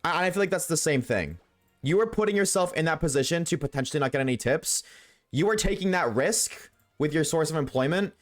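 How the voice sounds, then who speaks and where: Gaming on stream with faint music behind him, a man talks with viewers and rants bluntly to chat, cursing freely. He sounds fairly high-pitched, expressive and brisk.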